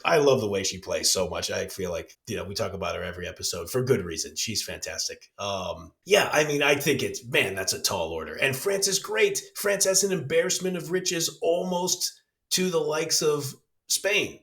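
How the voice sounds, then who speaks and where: A man co-hosting a casual sports podcast, giving relaxed opinions with laughs and the odd curse. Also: medium pitch, normal speed, reverberant. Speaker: podcast co-host.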